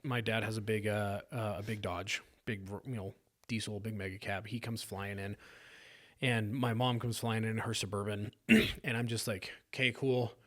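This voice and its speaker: A man from South Sacramento, a podcast guest, telling a personal story earnestly with halting restarts. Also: fairly low pitch, fairly even intonation, fairly bright tone. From South Sacramento, California.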